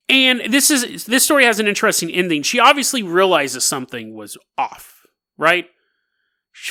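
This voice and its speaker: A podcast host telling an odd story in a loose, animated way and laughing between lines. His voice sits high for a man and leaps around in pitch. The tone is bright and forward. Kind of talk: casual storytelling.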